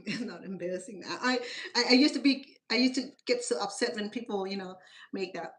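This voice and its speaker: A middle-aged woman with a Cambodian accent chats through a cooking video in loose, broken English. She wanders from story to story with lively asides, in a voice of ordinary pitch for a woman. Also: normal speed. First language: Khmer. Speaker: home cooking channel host. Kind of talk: casual chatty cooking talk.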